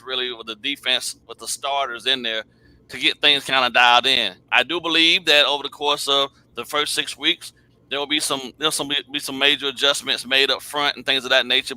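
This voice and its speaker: A man on a fan show panel giving a measured breakdown of the game, with casual fillers. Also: medium pitch, sharp tone, low-quality recording. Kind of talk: post-game analysis chat.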